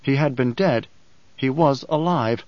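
A man narrating an audiobook in a measured, deliberate way. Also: medium pitch, a little mellow, no echo. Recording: dull, dry audiobook sound.

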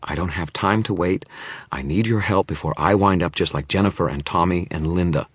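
A man's voice: low-pitched, brisk, breathy edge, dry recording, pitched above the performer's own voice. A man playing an urgent, cornered wizard detective. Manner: urgent, insistent. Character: hard-pressed male wizard private eye, weary and stubborn.

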